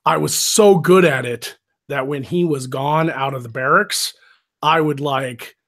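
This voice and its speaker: In a fairly high, fairly bright voice and at an unhurried pace, a stream host shares stories in a loose, rambling chat. He's profane throughout and laughs frequently.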